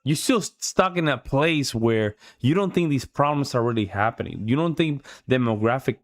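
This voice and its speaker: A man's voice: medium pitch, lively intonation, moderate pace. A man hosting a reaction video, commenting in a casual, rambling way with lots of restarts. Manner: rambling, exclamatory, thinks aloud with restarts.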